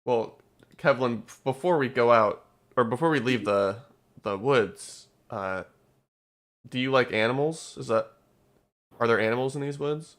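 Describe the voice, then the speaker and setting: A man's voice: mid-range voice, measured pace, pauses often, a bit bright. A young man plays a tabletop game and narrates his character's moves. He talks casually, stopping and restarting as he goes. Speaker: player.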